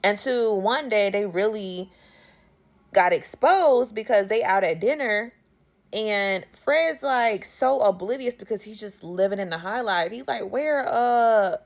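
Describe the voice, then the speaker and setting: A woman, casually recapping a movie in a sassy, animated way. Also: medium pitch, a little slow, creaky. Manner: sassy, animated storytelling with slang.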